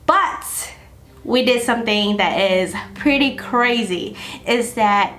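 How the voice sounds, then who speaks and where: A young woman beauty vlogger telling a personal story to her viewers in a chatty, animated way. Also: a little high, slow pace. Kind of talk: casual storytelling to camera.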